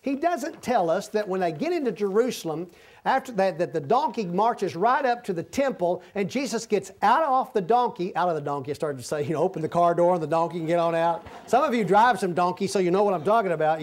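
High-voiced folksy preacher. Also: male voice, lively intonation, a little fast. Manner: folksy storytelling with asides and acted quotes. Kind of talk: sermon.

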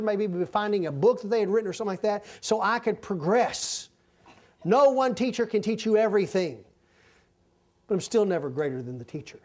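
A man teaching the Bible informally, folksy and given to halting restarts and repetition. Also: high voice. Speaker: preacher.

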